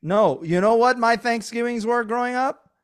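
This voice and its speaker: A man's voice: very high-pitched, normal speed, clean tone. Joking male podcast host. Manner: joking, laughs often, trails off. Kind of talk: casual podcast chat.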